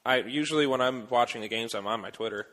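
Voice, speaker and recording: A man's voice: medium pitch, quick pace, a bit bright. A young man from Rochester co-hosting a sports radio show, teasing and opinionated in casual banter. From Rochester, New York. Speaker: radio co-host.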